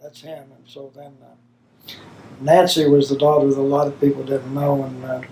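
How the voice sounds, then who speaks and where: A man's voice: mid-range voice, completely flat delivery, normal speed, mellow, slight background noise, low-quality recording. An older man, a father telling rambling, folksy stories about his children. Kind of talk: reminiscing storytelling.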